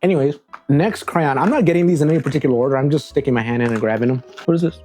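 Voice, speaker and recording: Rambling dramatic vlogger, stammery restarts, soft dark tone, desk mic. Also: medium pitch, rapid-fire, soft background music. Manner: chatty, dramatic, talks to the crayons; stumbles and restarts often. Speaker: vlogger tasting crayons. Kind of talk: rambling playful taste-test commentary. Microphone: new desk microphones.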